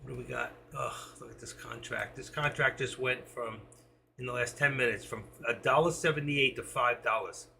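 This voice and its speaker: Male streamer, very gravelly and bright-toned, reading prices aloud at a trading desk with faint noise behind. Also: mid-range voice, steady tone, moderate pace. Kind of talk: live trading commentary.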